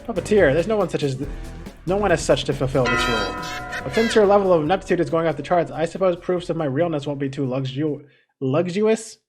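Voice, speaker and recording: A haughty cube-shaped game villain, voiced by a woman, mocks everyone with crude insults and grand airs. The voice sits a touch above her usual pitch. Faint music plays underneath. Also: lively intonation, fast talker. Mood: taunting. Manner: mocking, vulgar taunts.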